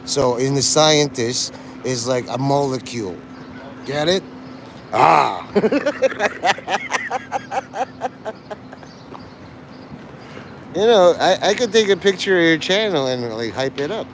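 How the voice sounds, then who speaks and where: A man's voice: medium pitch, animated, moderate pace, a little hiss or hum. A man livestreaming outdoors in a city, rambling and joking and laughing at his own jokes. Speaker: live streamer. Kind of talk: casual rambling livestream chat.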